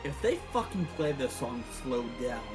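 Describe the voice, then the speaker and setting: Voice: medium pitch, sing-song, moderate pace, music in the background. A fan commentator in a rambling, casual show breakdown who swears often and gets teary.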